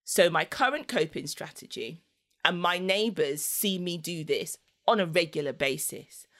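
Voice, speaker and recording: Chatty woman with a lowish voice. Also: unhurried, fairly bright tone. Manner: chatty, laughs often, acts out voices in anecdotes. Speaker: podcast guest. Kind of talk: casual storytelling chat.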